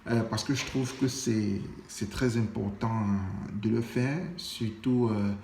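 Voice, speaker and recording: Young male vlogger, French accent, raspy edge, hesitant delivery, roomy echo. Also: fairly low pitch, steady tone, dark tone, slight background noise. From Africa. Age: young adult. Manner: halting, many restarts and fillers. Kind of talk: casual vlog monologue.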